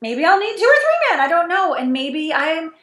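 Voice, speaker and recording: A woman being interviewed as an intimacy coach. She talks animatedly, with big swings in pitch, and she laughs as she acts out conversations. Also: normal speed, a little hiss or hum. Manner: animated, wide pitch swings, laughs while acting out dialogue. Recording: echoey room.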